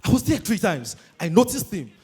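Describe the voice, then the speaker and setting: Husky, animated Nigerian comedian shouting. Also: male voice, high voice, brisk. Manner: energetic, shouting punchlines, switching into Pidgin for acted voices. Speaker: stand-up comedian. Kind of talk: stand-up comedy routine. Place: live comedy stage before an audience.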